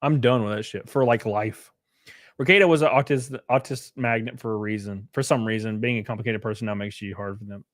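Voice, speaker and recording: In a steady tone with a somewhat low voice, a man speaks a little fast while hosting his own livestream. His rant is casual, rambling and full of swearing, swinging from loud bursts to quiet mutters amid frequent chuckles.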